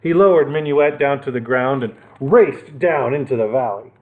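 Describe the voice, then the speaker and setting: A male children's librarian reading a picture book aloud, animated and playful with asides. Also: medium pitch, normal speed, narrow, tinny audio.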